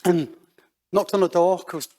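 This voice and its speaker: A man giving a personal testimony at a church, talking conversationally with halting restarts and acting out the voices of the people he quotes. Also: sits high, fairly even intonation, dark tone. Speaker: guest speaker telling his life story. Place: church hall.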